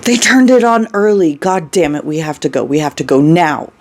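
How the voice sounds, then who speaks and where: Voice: medium pitch, unhurried, lightly acted. A reader voicing a frightened, profane young man in a story read aloud, calling out urgent commands. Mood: panicked. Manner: shouting, urgent and panicked.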